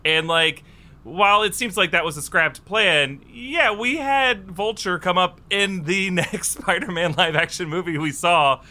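A man hosts a casual pop-culture panel, his voice very bright and a little high. He jokes and laughs easily as he introduces guests and topics. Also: a little slow. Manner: jokey, laughs often. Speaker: host.

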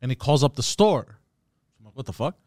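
A man's voice: mid-range voice, brisk, no room sound, clean studio sound. A man telling a rowdy story to friends in casual chat, swearing a lot and laughing as he goes. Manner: animated, profane, laughs through his story.

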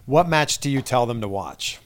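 A man's voice: medium pitch, lively intonation, moderate pace. A man hosting an interview, asking questions in an upbeat way and laughing often. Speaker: interview host. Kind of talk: casual interview chat.

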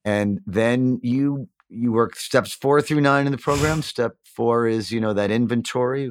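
A middle-aged man being interviewed, speaking candidly and reflectively. He often pauses, uses fillers and restarts his sentences as he searches for words. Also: mid-range voice, no echo, studio quality. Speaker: guest.

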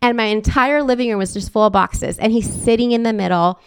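Earnest woman podcast host, crisp and dry. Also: a little high, fairly quick, no room sound. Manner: earnest, emotional storytelling. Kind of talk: casual podcast conversation.

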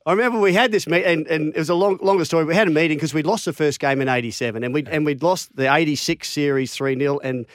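A middle-aged Australian man, a former rugby league player, telling lively stories in casual chat and acting out the quotes. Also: fast talker, hardly any pauses, dry recording. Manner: animated yarn-spinner, acts out quotes with big pitch jumps.

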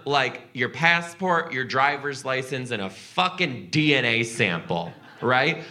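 A man doing stand-up crowd work and telling a story, animated, profane and teasing with the audience. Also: mid-range voice. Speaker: comedian and podcast host.

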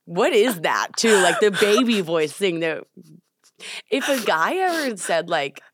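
A woman's voice: medium pitch, big pitch swings, measured pace, slightly rough, no room sound, clean studio sound. A young woman co-hosting a podcast, chatting playfully and laughing often. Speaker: podcast co-host. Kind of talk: casual chat. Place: studio.

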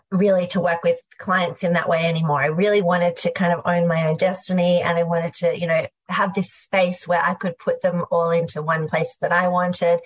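A middle-aged Australian woman, a guest entrepreneur, tells her story in a lively, fast conversational way, full of "like" and asides. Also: on the low side. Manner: animated, fast, filler-heavy, uses "like" often.

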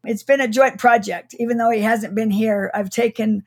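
Higher-voiced woman telling a childhood story. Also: fairly even intonation, normal speed, slightly rough. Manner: warm, reflective, with soft laughs and restarts. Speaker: guest author. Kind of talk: storytelling in an interview.

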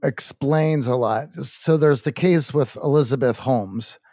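A man co-hosting a podcast, talking haltingly with many "uh" pauses. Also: medium pitch, mellow, no room sound, studio quality. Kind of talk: conversational commentary.

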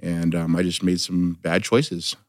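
A man's voice: deep voice, fairly even intonation, measured pace, a little mellow, no echo, studio quality. A middle-aged man from Southern California, a guest in a casual conversation, talking earnestly with frequent ums and restarts.

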